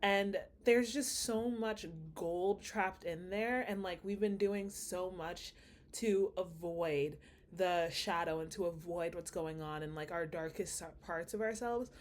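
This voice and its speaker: A woman with a slight Nigerian accent talks to her viewers in a loose, reflective vlog. Her voice sits a little low, and she wanders through her thoughts with plenty of fillers and restarts. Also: a little slow. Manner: rambling, thinking aloud with many fillers. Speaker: vlogger. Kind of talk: casual reflective monologue.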